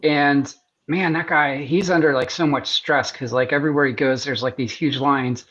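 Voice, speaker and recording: A man's voice: medium pitch, steady tone, normal speed, fairly bright tone, dull audio. A man talking as a guest artist in a casual interview, enthusiastic and rambling with many restarts, heard over a video call.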